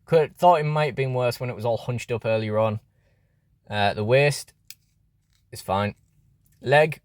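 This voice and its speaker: A man's voice: mid-range voice, a little slow, dry recording. A man chatting casually through a toy unboxing review, rambling with fillers and restarts, recorded close and dry.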